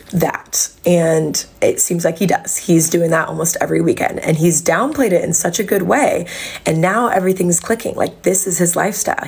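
A woman's voice: lowish voice, vocal fry, husky. A young woman telling a dating story on a podcast, acting out the voices of the people in it and swearing freely. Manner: animated, acts out quotes, swears freely. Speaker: podcast host. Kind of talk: casual storytelling chat.

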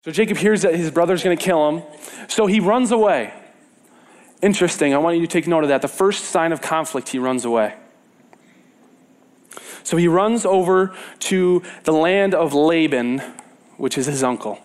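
A man with a slightly high voice tells a sermon story. He talks casually, with fillers and self-corrections, repeating words for emphasis and swinging between louder bursts and hushed asides. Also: normal speed, long pauses. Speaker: preacher. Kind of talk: sermon retelling a Bible story.

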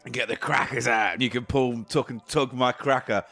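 A man's voice: mid-range voice, fairly even intonation, normal speed, vocal fry, sharp tone, faint music behind. A man co-hosting a podcast, chatting in a silly, teasing way and breaking into sing-song bits. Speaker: podcast co-host. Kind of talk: casual comedic chat.

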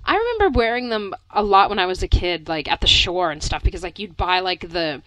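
Young woman, podcast co-host, casual chat, lively pitch, lots of "like", dry close mic. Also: a little fast, dry recording, rough recording. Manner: chatty, fillers of "like", laughs often.

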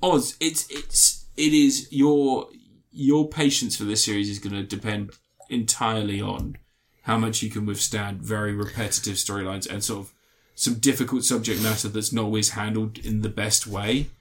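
A man's voice: lowish voice, steady tone, normal speed, hardly any pauses, slight background noise. A man co-hosting a casual review chat, rambling with many fillers and restarts. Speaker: podcast co-host reviewing TV.

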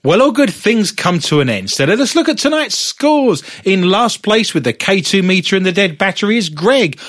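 A man's voice: high voice, very animated, normal speed, a bit bright, dry recording, studio quality. A man hosting a radio talk show, joking and laughing in teasing banter.

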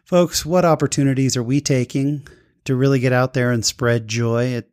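A man's voice: mid-range voice, fairly even intonation, normal speed, darkish tone. A man hosting a talk show, chatting with guests and telling a personal story in an upbeat, earnest way. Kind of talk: casual chat and personal storytelling.

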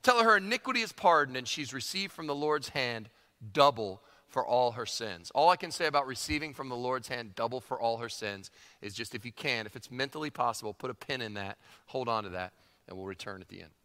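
A man preaching a sermon, emphatic and animated, repeating phrases for emphasis. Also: mid-range voice, brisk. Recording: long hall reverb.

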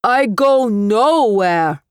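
A woman voicing a pushy middle-aged male landlord with a thick Armenian accent, speaking slow, loud, clipped broken English. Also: a little high, lively intonation, smooth, dry recording, studio quality, voice pushed up. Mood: demanding. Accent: Armenian accent, put on.

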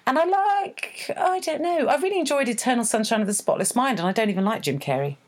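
A woman co-hosts a relaxed podcast chat. She is self-deprecating and chatty, and her voice rises and falls a lot. She often trips over her words and starts again. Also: on the high side, fast talker. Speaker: podcast co-host. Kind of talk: casual chat.

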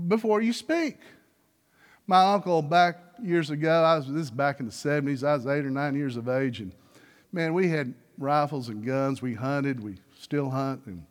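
A middle-aged man preaching a sermon as pastor, telling folksy stories and firing rhetorical questions at the congregation. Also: fairly high pitch. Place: church sanctuary.

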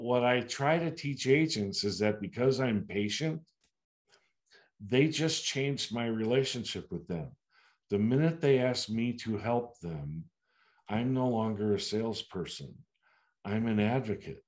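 An older man from the United States, a sales producer being interviewed, telling stories animatedly and acting out client dialogue. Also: measured pace. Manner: animated, acts out client dialogue with big pitch jumps.

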